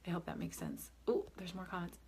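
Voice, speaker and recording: A woman's voice: fairly low pitch, fairly quick, dark tone, slight background noise. A young adult woman working as a medium and spiritual advisor, chatting through a live-stream Q&A, answering viewer comments with many fillers and restarts. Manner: reads viewer comments aloud and answers them. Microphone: phone or webcam on a live video stream.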